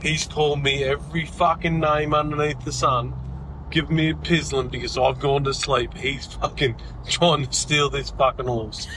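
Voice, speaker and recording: A man's voice: on the high side, flat delivery, moderate pace, background noise. An Australian man telling a rambling story in a voice message, swearing constantly. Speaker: caller sending a voice message.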